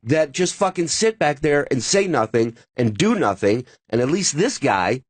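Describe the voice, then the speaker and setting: A man who is a stand-up comedian, telling an animated story in casual chat. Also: a little high, moderate pace. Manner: animated storyteller with many quoted voices.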